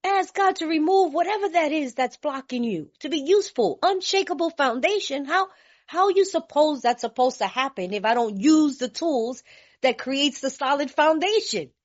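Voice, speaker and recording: A woman from California sharing her story at a recovery meeting, blunt, animated and laughing, with streetwise talk. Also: sits high, normal speed. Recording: dull lo-fi recording.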